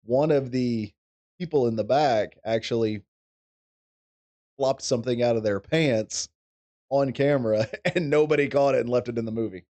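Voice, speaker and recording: A man co-hosting a podcast in casual chat, recalling things in a relaxed, rambling way. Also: medium pitch, moderate pace. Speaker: podcast co-host.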